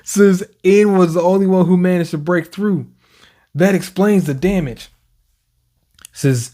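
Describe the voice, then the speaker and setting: Brief: young adult man, manga reaction commentator, animated slangy delivery, slightly high-pitched. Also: measured pace, pauses often. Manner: animated, reads panels aloud with slang and laughs.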